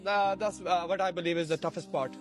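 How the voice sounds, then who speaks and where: Man from Pakistan, street interviewee, quick, earnest, music bed loud. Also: sits high, steady tone.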